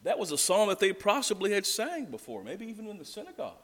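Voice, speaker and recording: A man's voice: sits high, wildly swooping pitch, quick pace, fairly bright tone. A male pastor preaching a sermon in a church, talking conversationally and chuckling as he tells the story. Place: church sanctuary. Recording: long church reverb.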